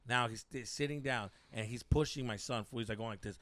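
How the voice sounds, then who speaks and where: A young adult man, a podcast host telling a story in a casual, animated way, swearing as he gets heated. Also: mid-range voice, fast, no echo.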